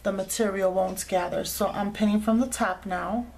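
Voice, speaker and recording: A woman's voice: mid-range voice, steady tone, normal speed, vocal fry, a little mellow, a little hiss or hum. A woman hosting a craft tutorial, chatting casually as she explains each sewing step with frequent fillers.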